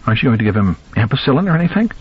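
A man's voice: mid-range voice, very animated, racing, breathy edge, dull audio, voice pushed up. A man doing a tired, pleading mother. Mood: strained. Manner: pleading, anxious. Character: tired, fraught young mother.

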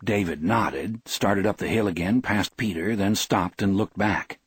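A male audiobook narrator with a low, husky voice reads with measured expression. The recording is close and dry, with no room around it. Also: dry recording. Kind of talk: scripted narration.

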